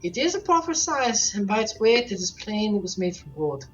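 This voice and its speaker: A woman's voice: medium pitch, very animated, normal speed, highs cut off, faint music behind, close to an everyday voice. A woman voicing a dignified mature woman chieftain in a mock Scottish accent, reading game dialogue formally. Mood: stately.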